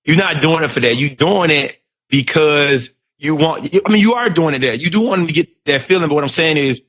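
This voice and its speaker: A man's voice: fairly high pitch, fairly quick, a bit bright. A man in casual podcast chat, earnestly making his point and repeating it for emphasis.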